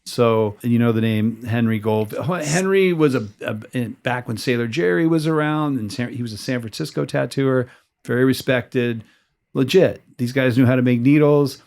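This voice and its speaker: With a gravelly, darkish, mid-range voice at a moderate pace, this American podcast host runs an easygoing interview around a tattoo shop in San Diego. His talk is loose and wandering, full of restarts and occasional swearing.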